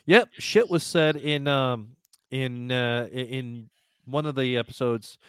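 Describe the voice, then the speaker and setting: A man's voice: mid-range voice, takes it slowly, clear, resonant tone, no room sound, clean studio sound. A man co-hosting a podcast, chatty and jokey in casual talk. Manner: chatty, hesitant with restarts, jokey. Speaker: podcast co-host. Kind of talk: casual chat.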